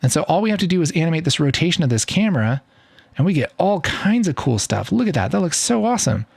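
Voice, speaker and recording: Upbeat man teaching software, dry close sound. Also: a little high, very animated, quick pace, creaky, husky, dry recording. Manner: upbeat, enthusiastic, easygoing. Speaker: video editing tutor. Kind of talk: casual screen-recorded tutorial.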